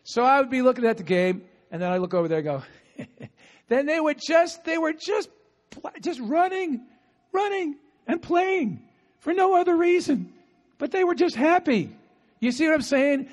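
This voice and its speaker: Male preacher with a high voice, lively and chatty, coaxing the crowd to answer back. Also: moderate pace. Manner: animated, talkative, with bursts of laughter and call-and-response. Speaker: pastor. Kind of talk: sermon. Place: outdoor gathering with insects audible. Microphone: no microphone at times.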